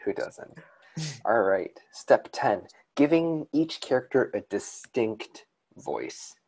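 A man's voice: medium pitch, very animated, slow pace, a little mellow. A man from the American South co-hosting a podcast on fiction writing, talking casually and rambling with frequent restarts. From southern United States. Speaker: podcast co-host.

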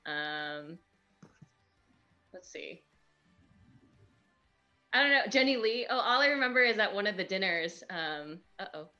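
A woman's voice: medium pitch, animated, unhurried, long pauses, sharp tone, muffled recording, soft background music. A woman, a pro golfer, chatting and laughing a lot while playing an online match. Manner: giggly, chatty, self-deprecating. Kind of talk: casual chat during a game.

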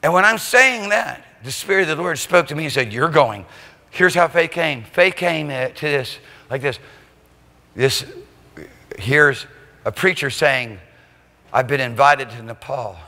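A man preaching a church sermon, telling a story and building to shouted climaxes. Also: on the high side, lively intonation, unhurried, pauses often. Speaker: pastor. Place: church sanctuary. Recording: church hall reverb.

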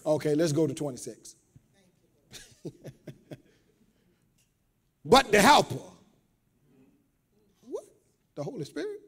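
A man preaching a sermon to a congregation in a call-and-response style, repeating phrases and building up to shouts. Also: fairly high pitch, huge pitch swings, takes it slowly, pauses often, slightly rough. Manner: repeats words, talks straight to the congregation. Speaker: pastor. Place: church.

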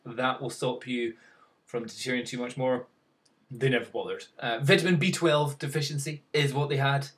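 A man's voice: medium pitch, fairly bright tone, recorded from a distance. A man giving casual news commentary as a vlogger, rambling and wry, and chuckling often.

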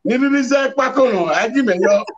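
A man's voice: very high-pitched, lively intonation, brisk, lo-fi sound. A man with a Nigerian accent chiming in, repeating short phrases in casual pidgin.

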